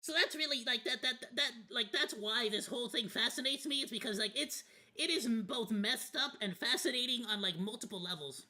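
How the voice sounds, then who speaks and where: A man's voice: very high-pitched, brisk, sharp tone. A man streaming a watch party, rambling through casual commentary in a candid, loosely profane way. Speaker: VTuber streamer.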